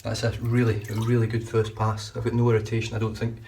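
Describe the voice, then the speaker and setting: Rambling man, flat low voice. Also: fast. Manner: chatty, rambling, frequent restarts. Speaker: shaving vlogger. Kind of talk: casual running commentary while shaving. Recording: distant mic with faint background noise.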